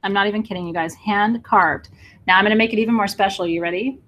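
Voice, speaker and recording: A woman's voice: medium pitch, quick pace, a bit bright. Gushing woman hosting a live sale. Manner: gushing, enthusiastic, emotional, laughs often. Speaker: livestream crystal seller. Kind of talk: live sales stream, chatting with viewers.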